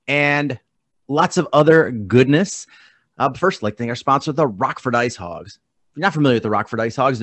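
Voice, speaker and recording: A man opens his sports podcast in a relaxed, friendly way and breezes through a sponsor read. His voice sits in the middle range. The recording is dry and close. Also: medium pitch, dry recording. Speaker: podcast host. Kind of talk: casual chat with a sponsor read.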